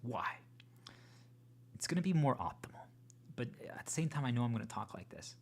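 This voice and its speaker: A man hosting his own channel, talking to viewers in an earnest, rambling, unscripted monologue full of restarts, sometimes dropping to a hushed whisper. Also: mid-range voice, animated, a little fast, creaky, breathy edge. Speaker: channel host.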